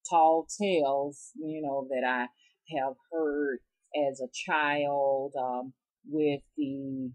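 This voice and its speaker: Woman, Southern drawl, deep voice, rambling chatty storytelling, talks to viewers. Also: fairly even intonation, drawn-out words, darkish tone, poor audio. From Southern United States. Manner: rambling, chatty, talks straight to her audience. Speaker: rootworker storyteller. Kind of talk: casual storytelling vlog.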